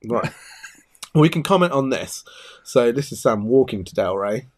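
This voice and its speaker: A man's voice: mid-range voice, animated, normal speed, darkish tone. Chatty male host, laughing often. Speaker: show host. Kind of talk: casual chat.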